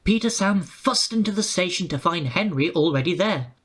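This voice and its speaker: A narrator reading a children's railway storybook aloud in a brisk, clear way. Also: medium pitch, animated.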